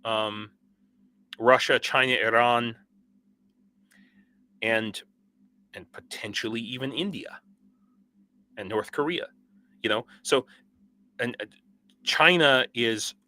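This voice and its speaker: A sleep-deprived man hosting a casual livestream, reading out viewer comments in a rambling, halting way with frequent restarts and laughs. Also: mid-range voice, bright, forceful tone. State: sleep-deprived and over-caffeinated. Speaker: livestream host.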